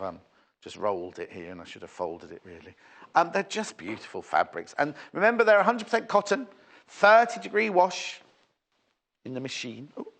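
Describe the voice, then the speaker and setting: A man's voice: mid-range voice, a bit bright. A man presenting fabric on a live shopping channel, chatty and bubbly with rambling asides and a slightly sore throat. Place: TV studio.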